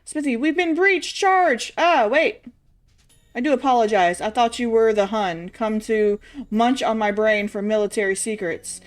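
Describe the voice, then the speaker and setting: A woman's voice: fairly high pitch, a little slow, soft background music, lightly acted. A woman voicing a blustering, eccentric old army brigadier with a shaky put-on posh British accent while reading game dialogue on stream.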